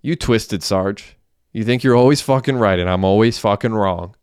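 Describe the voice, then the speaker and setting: A brash, reckless young man, cocky and crude, as the male narrator puts him on. The voice is fairly low and smooth, read close and dry for an audiobook. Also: moderate pace, darkish tone, no echo, close to an everyday voice. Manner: cocky and swearing.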